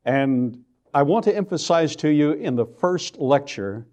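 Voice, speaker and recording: A man's voice: a little high, animated, dark tone. An older man with a Texan accent gives a church lecture in a folksy way, stretching out words he wants to stress. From Texas. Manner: folksy storytelling with slow emphatic stresses. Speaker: creationist lecturer.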